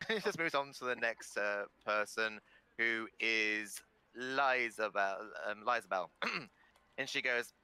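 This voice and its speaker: A man narrating a tabletop game as game master, animated and often laughing. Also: medium pitch, slow pace, long pauses, smooth, no echo.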